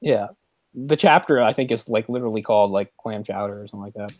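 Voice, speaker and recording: A man hosting a podcast, chatting casually about movies in a rambling, animated way with quick laughs. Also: on the low side, no echo, muffled recording. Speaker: podcast host.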